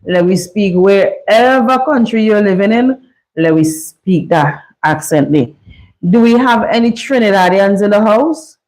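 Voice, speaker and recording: A woman with a Vincentian accent hosts a laid-back live call-in chat. She slips easily into island dialect and creole phrasing, and her pitch sits at an everyday middle level. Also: animated, a little slow, darkish tone, rough recording. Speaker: livestream host. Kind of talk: casual live chat with callers.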